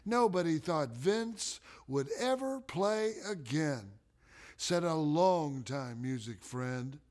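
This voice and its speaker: A middle-aged man performs his own life story as a theatrical spoken monologue, talking slowly and deliberately and letting dramatic pauses hang. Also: fairly high pitch, lively intonation, darkish tone. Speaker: performer of a one-man autobiographical play.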